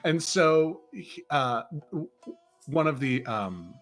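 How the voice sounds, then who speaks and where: A man's voice: on the high side, big pitch swings, slow, a bit bright, soft background music. A man co-hosting a casual chat about playing characters as a game master, talking in a rambling, thoughtful way. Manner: rambling, thoughtful, full of fillers and restarts.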